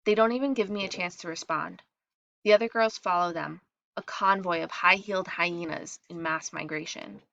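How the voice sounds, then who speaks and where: A woman's voice: moderate pace, gravelly, highs cut off. A woman reading a first-person story aloud, briefly voicing the other girls in their lines. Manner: acts out the girls' lines with shifts in pitch and loudness. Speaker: reader.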